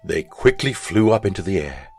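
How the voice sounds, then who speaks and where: A man, a school chaplain, narrating a children's story in an expressive storytelling manner. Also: low voice, moderate pace, slightly rough.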